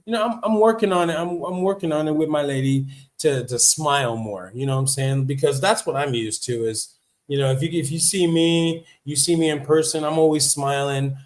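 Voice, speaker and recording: Man, casual livestream host, chatty, emphatic, repeats himself, mid-pitched voice. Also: moderate pace, a little mellow. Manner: chatty and emphatic, repeats points, reads and comments on notes. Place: living in Vietnam.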